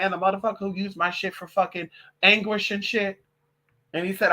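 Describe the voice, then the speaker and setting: A woman's voice: medium pitch, brisk. A transgender woman vlogging in a casual monologue, sassy and profane, calling listeners honey and girl as she tells stories. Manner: animated gossipy storytelling. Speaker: vlogger and witch.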